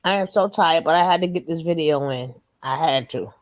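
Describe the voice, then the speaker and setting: A woman's voice: low-pitched, moderate pace. A woman giving reaction commentary, emphatic and blunt, repeating her phrases again and again. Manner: blunt, curses then apologizes.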